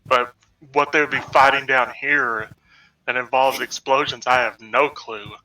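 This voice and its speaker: A man's voice: mid-range voice, steady tone, measured pace, bright, forceful tone, far from the mic, faint music behind, poor audio. A man playing a tabletop game, talking hesitantly with many fillers. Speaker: player. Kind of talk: tabletop game play, in character.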